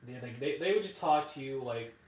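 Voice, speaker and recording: A man's voice: mid-range voice, lively intonation, fairly quick. A young man ranting casually as a vlogger in a rambling, profane, loose way. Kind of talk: casual rant to camera. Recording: roomy, distant from the mic.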